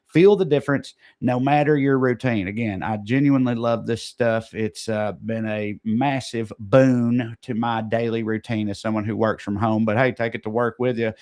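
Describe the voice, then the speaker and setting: A man's voice: medium pitch, fairly even intonation, moderate pace, few pauses, a little mellow. A man co-hosting a podcast, reading sponsor ads in a casual way with joking, off-the-cuff asides. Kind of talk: casual ad read.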